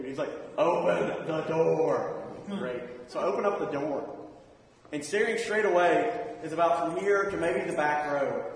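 A man in his thirties giving a casual, anecdotal sermon in a church auditorium, acting out the voices of people in his stories. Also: fairly high pitch. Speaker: preacher. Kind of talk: sermon with storytelling. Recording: echoey hall, far from mic.

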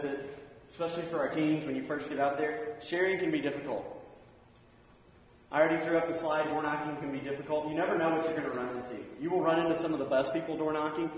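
A man in his thirties giving a casual, anecdotal sermon in a church auditorium, acting out the voices of people in his stories. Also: on the high side. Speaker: preacher. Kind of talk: sermon with storytelling. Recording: echoey hall, far from mic.

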